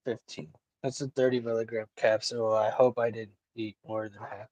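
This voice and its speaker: A man's voice: lowish voice, little pitch movement, moderate pace, a little mellow, no echo, highs cut off. A man chatting loosely as a livestream guest over a video call, swearing and joking. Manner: loose, profane and jokey. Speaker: stream guest. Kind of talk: casual livestream chat.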